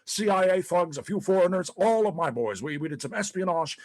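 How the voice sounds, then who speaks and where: Performing a live-streamed one-man stage monologue, an actor plays a bitter, self-pitying former president who is disgraced and paranoid, rambling profanely and stammering from bluster to self-pity. He speaks fairly quickly in a high-pitched, darkish voice with lively intonation.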